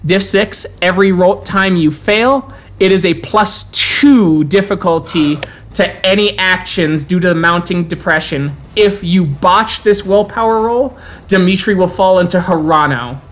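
A man with a high, fairly bright voice serves as storyteller for a tabletop horror game. He describes scenes in measured tones, sometimes lingering on words for effect.

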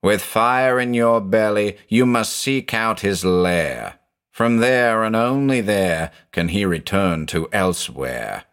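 A man doing a slow, droning stone servant. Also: lowish voice, expressive, a bit bright, clean tone, exaggerated voice. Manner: slow, measured chanting of instructions. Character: greengrocer turned stony servant, droning.

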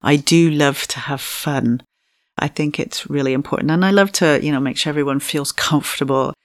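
A middle-aged woman, a fertility coach, telling her story candidly in an interview, animated and giggly, acting out her own past thoughts. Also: deep voice, moderate pace.

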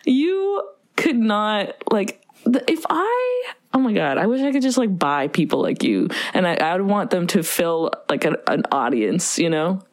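A woman's voice: on the low side, normal speed, no room sound. A young woman co-hosting a podcast, chatting casually and giggling often. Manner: giggly, lively, talks over her friend. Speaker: podcast co-host. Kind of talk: casual chat.

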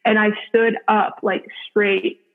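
A podcast guest tells a personal story in casual chat, filling it with "like" and frequent laughs. Her mid-range voice stays level and slow, heard over a tinny, phone-like line.

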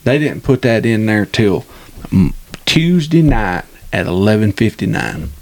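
A man's voice: on the low side, sing-song, measured pace. Middle-aged man, easy drawl. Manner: drawling, teasing, Southern slang. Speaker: podcast co-host, father. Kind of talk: casual chat.

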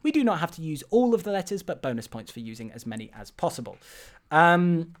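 Animated, stumbling podcast host, a man. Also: on the high side, fairly quick. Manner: animated, stumbling, swears often. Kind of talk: casual film podcast chat.

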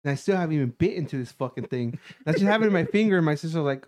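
A man in casual chat telling a story, animated and profane, often laughing. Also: a little high, rapid-fire.

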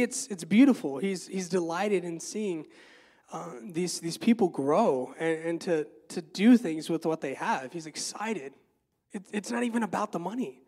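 Speaking high and a little mellow, a male preacher gives a casual sermon that sounds like conversation. Fillers and repetition run throughout, along with regular rhetorical questions for his listeners.

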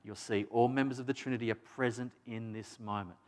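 A man's voice: medium pitch, steady tone, a little fast. Male preacher, conversational sermon delivery, emphatic, mid-range voice. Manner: conversational, emphatic, with frequent restarts and asides.

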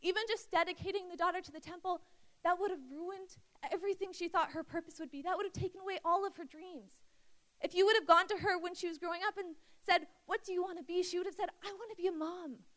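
A woman's voice: very high-pitched, quick pace. A young woman preaching a sermon in a conversational way, reading scripture and acting out the people in the story. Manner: conversational, acts out quotes with lively asides. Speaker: youth speaker.

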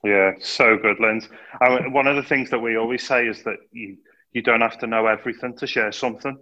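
A man's voice: mid-range voice, fairly even intonation, a little fast, pushed and bright, highs cut off. A male host on a video call, affirming his guest and reflecting thoughtfully in a casual interview.

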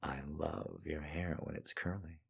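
A man voicing a refined, soft-spoken young man in a quiet, murmured delivery. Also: rumbling low, measured pace, creaky, slightly rough, voice pushed down, exaggerated voice. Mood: soft, charming.

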